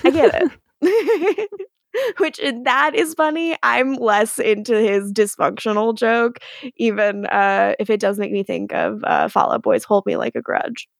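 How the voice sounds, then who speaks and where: A woman's voice: medium pitch, measured pace, gravelly, no echo, clean studio sound. A woman co-hosting a podcast, recapping an episode in casual chat and laughing often. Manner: giggly, breaks into character voices.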